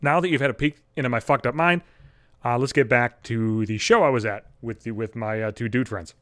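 Fast-talking, swearing man ranting. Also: mid-range voice, fairly bright tone. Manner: rambling, heavy profanity. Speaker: podcast host. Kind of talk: casual solo monologue.

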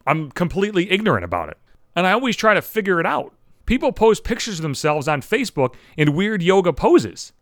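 A man's voice: sits high, very animated, fairly quick, no echo, studio quality. A man hosting a podcast, delivering a sarcastic, heavily profane comedic rant. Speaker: podcast host.

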